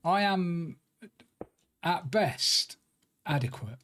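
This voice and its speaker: A chatty man gives loose, running commentary over his game stream. His voice sits a touch high for a man, and he keeps up a self-deprecating, joking banter. A faint hiss runs under the recording. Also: animated, very slow, fairly bright tone. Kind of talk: casual live-stream commentary while gaming.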